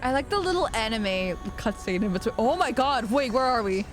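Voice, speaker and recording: A young woman streaming, chatting casually and excitably, swearing often and poking fun at herself. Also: a little high, a little fast, over music.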